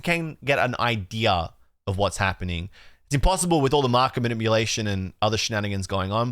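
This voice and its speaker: A relaxed young Australian man talks casually as a stream host, keeping a steady middle pitch. His voice is close and dry, with no room sound. He rambles a little and redoes lines until they sound right. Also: dry recording. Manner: relaxed, chatty, retakes his outro lines. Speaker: streamer and card collecting host. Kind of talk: casual live-stream chat.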